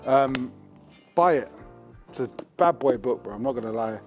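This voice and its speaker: A man's voice: medium pitch, lively intonation, moderate pace, soft background music. A man hosting a cooking show, talking in a slangy, chatty, joking way while he cooks in a kitchen. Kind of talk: casual cooking demonstration.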